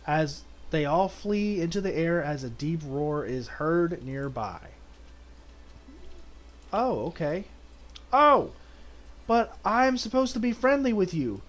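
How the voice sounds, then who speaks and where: Reading the game's text out loud, a man with a fairly high voice offers casual commentary while streaming. His talk is punctuated by sudden excited outbursts.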